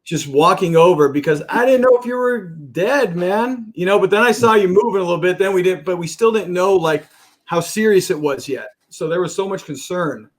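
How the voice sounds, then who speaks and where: A man's voice: high voice, animated, normal speed. A man hosting a casual podcast interview, eager and often restarting his sentences.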